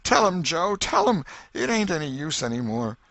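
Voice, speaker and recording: A man's voice: fairly high pitch, big pitch swings, measured pace, sharp tone, husky, no echo, pitched above the performer's own voice, exaggerated voice. A man voicing a terrified middle-aged man accused of murder, pleading and tearful in a storybook reading. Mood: despairing.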